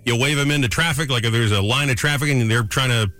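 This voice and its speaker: A man's voice: medium pitch, sharp tone. A man hosting a casual morning radio show, bantering and joking with his co-host and callers. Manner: joking, quick, banter-driven.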